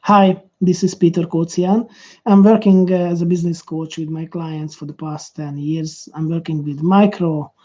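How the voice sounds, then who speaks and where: A man with a Hungarian accent, a business coach, rehearses his introduction to camera, trailing off and starting again with plenty of fillers. His voice is warm and mellow. The recording sounds dull and muffled. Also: fairly high pitch, fairly even intonation. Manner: halting, restarts with many fillers.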